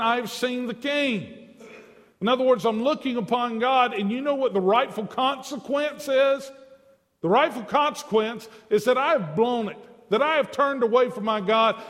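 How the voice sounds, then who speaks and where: A male preacher delivers an impassioned sermon, his delivery swelling and falling and returning to phrases for weight. His voice sits high for a man. Long reverb from a large hall trails every line.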